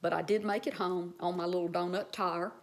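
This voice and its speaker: A woman's voice: lowish voice, steady tone, fairly quick. A woman vlogger telling a personal story in a casual, heartfelt, rambling way, speaking straight to her viewers.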